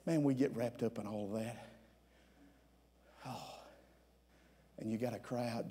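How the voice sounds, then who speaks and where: Husky-voiced preacher man in a reverberant hall. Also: mid-range voice, unhurried, long pauses. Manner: preaching with many "uh" fillers, swelling to shouts. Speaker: pastor. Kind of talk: sermon. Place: church sanctuary.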